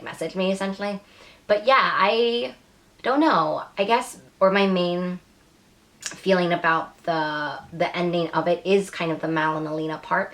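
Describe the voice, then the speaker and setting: Casting: woman vlogger, lowish voice, rambling, frustrated review. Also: fairly bright tone. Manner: rambling, frustrated, lots of filler words. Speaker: book reviewer. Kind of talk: casual vlog review.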